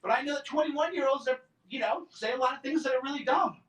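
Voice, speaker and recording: A man's voice: extremely high pitch, quick pace, fairly bright tone. A man in his forties giving a combative, sarcastic talk to a campus student group, mocking others in put-on voices. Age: 40s. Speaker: invited speaker. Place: lecture room on a college campus. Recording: roomy and distant from the mic.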